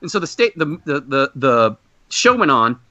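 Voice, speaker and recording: A man hosting a podcast, telling a long casual story and acting out loud exclamations. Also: mid-range voice, normal speed, no echo. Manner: animated anecdote with loud acted-out exclamations. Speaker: podcast host. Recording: dull muffled podcast audio.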